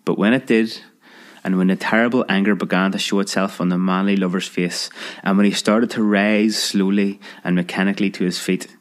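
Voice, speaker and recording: Lower-voiced man narrating a story. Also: fairly quick. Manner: lively storyteller voicing characters. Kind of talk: scripted narration of a children's memoir.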